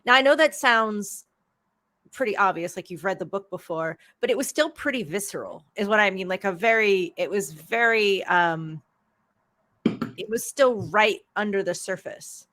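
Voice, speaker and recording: Female interviewer, bright voice, playful and chatty on a video call. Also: mid-range voice, animated, normal speed. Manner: playful, joking banter. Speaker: author interviewer. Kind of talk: casual chat.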